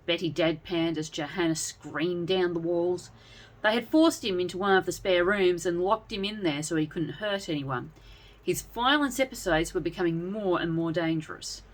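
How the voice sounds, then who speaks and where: A woman reading a serialized story aloud with an expressive delivery. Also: fairly low pitch, normal speed. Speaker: narrator. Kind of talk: storybook narration.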